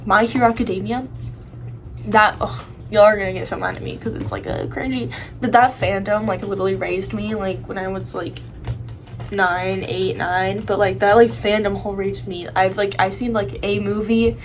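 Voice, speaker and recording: A woman's voice: medium pitch, fairly even intonation, moderate pace, rough recording. A young woman in her teens ranting casually to the camera, rambling with lots of fillers and restarts. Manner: rambling, full of likes and restarts. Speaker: vlogger.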